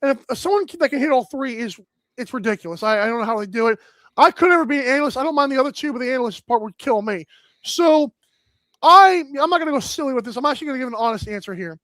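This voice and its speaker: A man hosting a sports talk show, energetic and rambling with lots of filler words. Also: very high voice, fast, no room sound.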